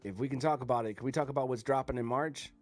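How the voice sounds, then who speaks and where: A man's voice: medium pitch, fast talker, soft background music. A man hosting a podcast, talking in a blunt, rambling, profane way. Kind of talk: casual chat.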